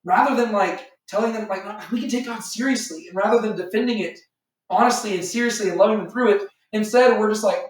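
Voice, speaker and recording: A man's voice: high voice, fast talker. Man teaching in an echoey room. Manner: rambling, filler-heavy, animated, acts out imagined voices. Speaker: Bible study teacher. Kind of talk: informal Bible teaching to a small group. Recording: echoey room, far from the mic.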